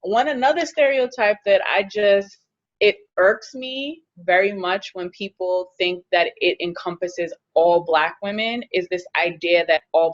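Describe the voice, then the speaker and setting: A woman speaking in a casual panel discussion, earnest and measured. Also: lowish voice, muffled recording.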